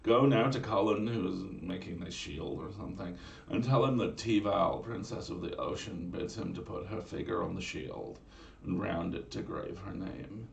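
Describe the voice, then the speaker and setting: A man's voice: sits low, normal speed, vocal fry, few pauses, echoey room, distant mic. Sulky mermaid princess, as a man puts her on with a Valley Girl accent. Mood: commanding. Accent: Valley Girl put-on.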